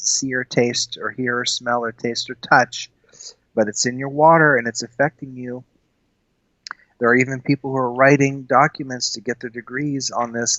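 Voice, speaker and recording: A man's voice: mid-range voice, pushed and bright, dry recording. Guy co-hosting a movie chat, earnest, lots of uhs, kinda muffled dry audio. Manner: earnest, many fillers and restarts. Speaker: podcast co-host. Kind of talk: casual film discussion.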